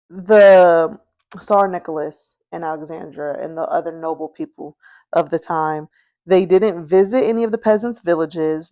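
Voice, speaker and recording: A woman hosts a history podcast and talks it through slowly and unhurriedly. Her voice sits a little low, and her telling is chatty and informal. She keeps checking in with her listeners as she goes. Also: mellow. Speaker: podcast host. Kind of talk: casual history storytelling.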